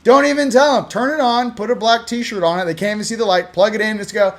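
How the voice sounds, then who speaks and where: A man from Southern California hosting a spiritual channel, talking casually to camera, animated and laughing, swinging from hushed to loud. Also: sits high, quick pace, slight background noise. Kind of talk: casual direct-to-camera talk.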